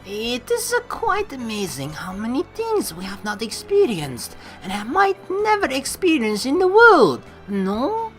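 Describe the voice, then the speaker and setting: A woman doing a high, lilting mock-French teacher. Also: wildly swooping pitch, a little slow, few pauses, fairly bright tone, faint music behind, full character voice. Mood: wistful. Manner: flowery, lilting, melodramatic. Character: theatrical French female ghost teacher, dreamy.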